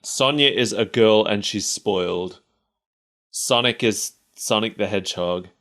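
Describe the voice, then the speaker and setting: Wry low-voiced man, chatty co-host. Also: fairly bright tone. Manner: wry, laughs often, quick asides. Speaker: podcast co-host. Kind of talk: casual chat.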